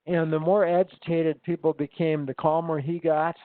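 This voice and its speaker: An instructor with a slightly raised, fairly flat pitch chats casually at a normal speed over a tinny, phone-like line. He rambles through his stories with plenty of ums, false starts, and restarts. The sound is dry and close, with no sense of a room around it.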